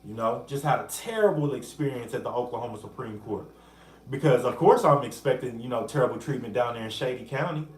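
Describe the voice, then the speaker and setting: A man hosting a casual livestream. He talks in an animated way and breaks off to greet viewers by name. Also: mid-range voice, brisk, echoey room. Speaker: livestream host.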